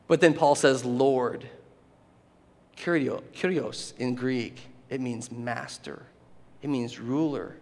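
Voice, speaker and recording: A man preaching a sermon, animated and often laughing, acting out the voices in the story. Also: mid-range voice, takes it slowly, long pauses. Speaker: pastor. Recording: long hall reverb.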